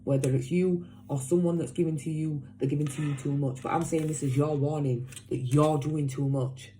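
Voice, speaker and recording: A woman in a casual tarot reading, with a lowish, mellow voice. She talks emphatically and repeats her warnings, blunt and sweary but caring. A faint hiss sits under the voice. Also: fairly even intonation, moderate pace. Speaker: tarot reader.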